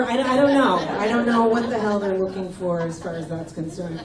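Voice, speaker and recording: A middle-aged woman works a comedy club crowd with brash, teasing banter. Her voice sits a little high. She is caught from a distance in an echoey room with loud crowd laughter around her. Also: a little slow. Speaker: stand-up comedian. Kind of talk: stand-up set with crowd work. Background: audience laughter.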